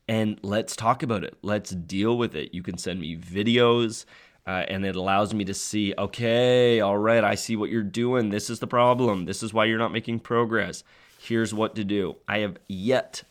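A man who trains dogs, hosting a podcast in a blunt, energetic, joking monologue. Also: low voice. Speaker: dog trainer and podcast host.

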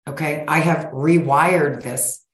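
A woman in her forties talks bluntly and with lots of energy, in a folksy, plain-spoken way. Her voice sits a little low, and the room around her is echoey. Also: steady tone, takes it slowly. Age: 40s. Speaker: guest, sugar-cravings coach. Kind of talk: casual interview chat. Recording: roomy echo.

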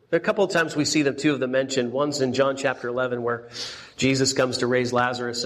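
A man, a pastor, preaching a sermon at a breakfast event, telling the story with animated energy and frequent restarts. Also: fairly high pitch. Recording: long hall reverb.

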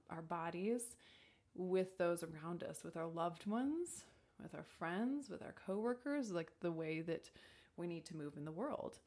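Soft-spoken reflective woman. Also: fairly low pitch. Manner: thoughtful, lots of "like" and restarts, drops to a near whisper at times. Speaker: speaker sharing personal advice. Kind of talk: reflective casual talk.

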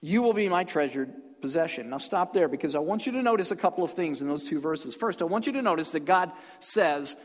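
A man preaching from the pulpit, his voice sitting high and swinging widely in pitch as he presses each point home. He talks emphatically and keeps calling on the congregation to respond. The sound carries a long reverb from the hall around him. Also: lively intonation, fast talker, few pauses. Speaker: pastor. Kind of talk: sermon.

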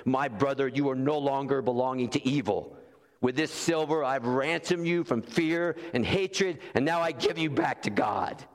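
A man voicing a gentle, forgiving older male bishop who speaks warmly and insistently. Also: mid-range voice, normal speed, lightly acted. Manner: warm, insistent, pleading. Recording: long reverb in a large hall.

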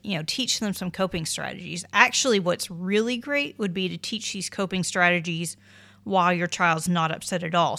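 A woman's voice: medium pitch, a bit bright. A woman in her thirties hosting a parenting podcast, giving casual, reassuring advice with lots of "you know" and "like". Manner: conversational, reassuring, many fillers like "you know" and "like".

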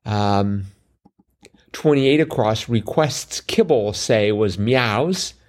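A man's voice: fairly low pitch, expressive, very slow. A man co-hosting a crossword podcast, chatting casually with wry puns and many fillers. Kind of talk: casual chat.

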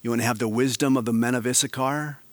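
A man preaching a sermon in a mid-pitched voice. He swings from hushed, drawn-out emphasis to animated, raised passages. The sound is dry and close. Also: no echo. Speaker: pastor.

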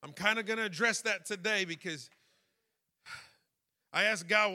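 A man preaching a sermon, emotional and personal, building to shouted fervor. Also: high-pitched, a little slow, long pauses.

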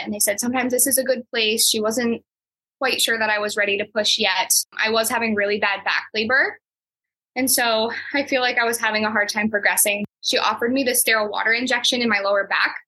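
A young woman speaks as a podcast guest in a chatty storytelling way, laughing easily and quoting herself. Her voice sits a little high, bright and husky. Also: low-quality recording. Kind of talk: casual storytelling.

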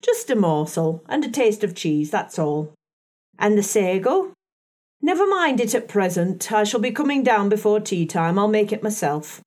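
Woman reading as a calm, guarded servant woman. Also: mid-range voice, moderate pace, close to an everyday voice. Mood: matter-of-fact. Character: composed, guarded middle-aged female servant. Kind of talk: audiobook character reading.

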